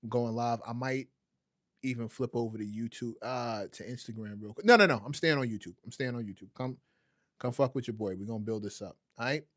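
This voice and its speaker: A man's voice: medium pitch, steady tone, brisk, darkish tone. A man hosting a casual livestream, joking and talking straight to his chat viewers. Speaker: livestream host.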